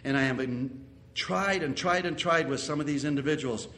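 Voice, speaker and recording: A male pastor preaching a sermon in an earnest, repetitive style. His voice is bright and a touch high, and he now and then rises to loud exclamations. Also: moderate pace.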